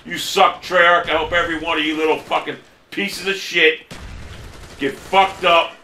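A man playing a shooter game, raging, cursing and shouting at the game as he plays. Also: fairly high pitch, flat delivery, normal speed, echoey room, a little hiss or hum. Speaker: gamer. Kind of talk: angry gameplay commentary.

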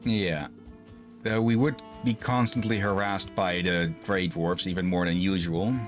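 A man streaming a co-op game with a friend, relaxed, thinking aloud and laughing often. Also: low voice, measured pace, soft background music. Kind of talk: casual gaming chat.

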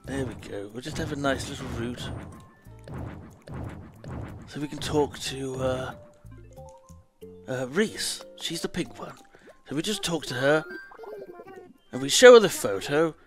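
A man's voice: medium pitch, unhurried, long pauses, over music. A man casually walking through a video game trick, chatty and hesitant, stopping to correct himself as he goes. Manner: chatty, hesitant, self-correcting while explaining. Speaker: let's play commentator. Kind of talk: casual gameplay walkthrough.

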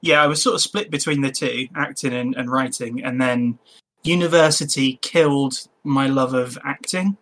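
A young man talks casually as a podcast guest. His voice is bright and forward, and his pitch sits in the middle range. He laughs often and breaks off into restarts mid-sentence. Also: normal speed. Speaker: podcast guest, game master.

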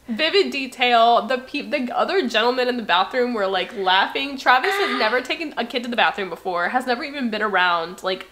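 A woman co-hosting a casual podcast, telling quick anecdotes with laughter and quoting others. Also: on the high side, expressive, sharp tone, slight background noise. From Florida. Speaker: podcast co-host. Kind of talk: casual chat.

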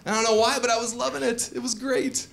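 A man's voice: very high-pitched, flat delivery, fast talker, a bit bright. A man performing a stand-up comedy set on a club stage, telling stories with playful asides to the crowd. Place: comedy club stage before a live audience. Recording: echoey club with clear audience noise.

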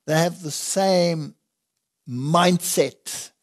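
A man's voice: a little high, drawn-out words. A man teaching the Bible in conversation, earnest and emphatic, reading scripture aloud in old-fashioned wording.

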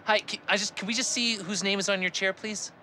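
A man's voice: sits high, brisk. A man performing a cheerful, earnest young male puppet who hosts a behind-the-scenes tour with jokes. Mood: excited. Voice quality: lively, eager, exclamatory. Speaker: host. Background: music.

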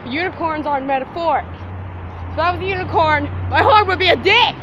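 Teen girl, high voice, cussing nonstop while she walks, traffic roaring behind. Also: animated, normal speed, highs cut off. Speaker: vlogger. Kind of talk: casual rambling vlog. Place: outdoors on a city street. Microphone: handheld phone or tablet. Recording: loud street traffic noise. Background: street traffic.

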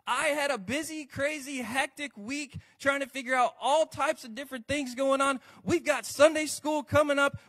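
An American man preaching a sermon as pastor, lively and conversational, often checking in with the congregation. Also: very high voice.

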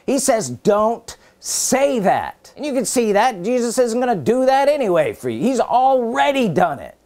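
A man's voice: very high-pitched, sing-song, moderate pace, a little mellow. Emphatic preaching man. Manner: emphatic, repeats key phrases, asks rhetorical questions; reads scripture in older formal wording. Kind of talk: sermon.

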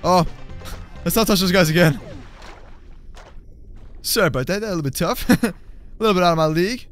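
A man giving excited, chatty commentary over a mobile game, with frequent exclamations and laughs, and faint game music behind him. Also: high voice, fairly quick. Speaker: gaming channel host.

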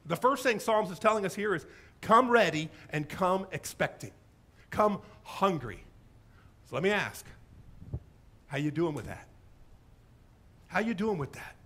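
A male pastor preaching a sermon in a church, telling a story with lively acted-out quotes. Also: high-pitched. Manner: animated storytelling, acting out quoted voices. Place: church sanctuary.

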